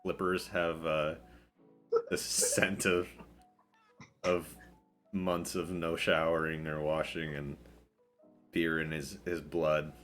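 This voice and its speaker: A man's voice: a bass voice, flat delivery, takes it slowly, long pauses, fairly bright tone, soft background music. A man narrating as game master in a loose, rambling way with many fillers. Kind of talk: running a tabletop game.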